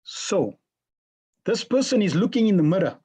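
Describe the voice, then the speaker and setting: Husky, mid-pitched class teacher, interactive and questioning, video-call lesson. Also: very animated, moderate pace, mellow. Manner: questions the class and repeats answers back.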